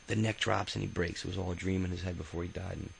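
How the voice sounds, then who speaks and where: Man, deep and gravelly, telling his memoir off the cuff: rambling, profane, full of ums and restarts. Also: level tone, fast talker, a little hiss or hum, low-quality recording. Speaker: autobiography narrator. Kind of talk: casual spoken memoir.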